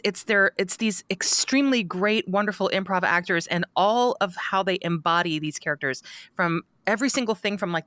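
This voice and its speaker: A woman's voice: mid-range voice, fairly bright tone, dry recording. A woman chatting on a podcast, gushing enthusiastically about a favorite film. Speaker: podcast co-host or guest. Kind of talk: casual chat.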